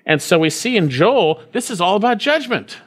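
A man preaching with a fairly high voice. He reads scripture aloud and drives his points home by repeating phrases with emphasis. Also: big pitch swings, normal speed, a bit bright. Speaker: pastor. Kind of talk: sermon.

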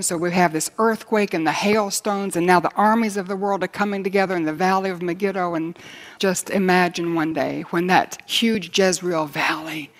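A woman preaching a sermon in an emphatic way. She slows down for stress and lifts her voice when she reads scripture aloud. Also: on the low side. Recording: long hall reverb.

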